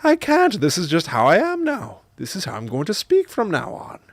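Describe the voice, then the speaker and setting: A man's voice: high-pitched, wildly swooping pitch, normal speed, no echo, pitched above the performer's own voice, full character voice. A man doing an eerily insistent mother.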